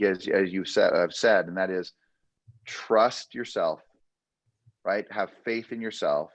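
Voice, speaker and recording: A man's voice: low-pitched, no echo, muffled recording. A man hosting a real estate training session, coaching with emphatic, repetitive punchy phrases. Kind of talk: motivational coaching talk.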